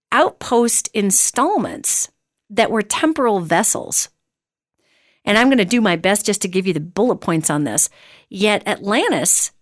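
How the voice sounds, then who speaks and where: Animated woman hosting a radio show. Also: medium pitch, dry recording, clean studio sound. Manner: animated, emphatic storytelling. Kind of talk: monologue on metaphysics.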